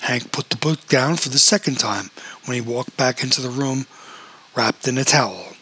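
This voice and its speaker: A man narrating a novel as an audiobook, in a steady storytelling manner. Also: medium pitch, moderate pace, slightly rough, poor audio.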